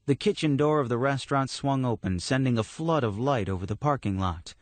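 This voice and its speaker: A man narrating a horror story audiobook in a steady, measured storytelling manner. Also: medium pitch, no echo.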